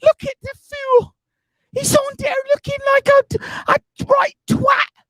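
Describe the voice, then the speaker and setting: A man's voice: very high-pitched, monotone, takes it slowly, bright, forceful tone, no echo, pitched above the performer's own voice, heavily acted. A man putting on the voice of an exasperated, scolding middle-aged mother.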